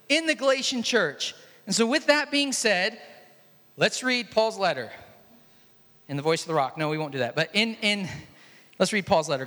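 High, bright-voiced male pastor in an echoey hall. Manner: conversational, storytelling, jokes with the congregation. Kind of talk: sermon. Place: large church hall.

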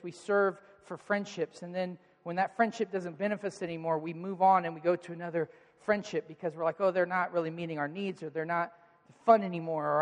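A man preaching a sermon as pastor, swinging between loud emphatic peaks and hushed, quiet questions. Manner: rises in pitch and volume for emphasis, drops to quiet asides. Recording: hall reverb.

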